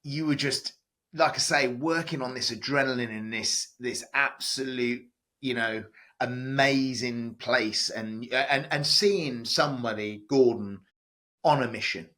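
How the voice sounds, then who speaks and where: A man's voice: mid-range voice, unhurried, fairly bright tone. A man, a chef, chatting as a guest on a podcast, telling stories with many fillers and restarts. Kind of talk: casual podcast interview.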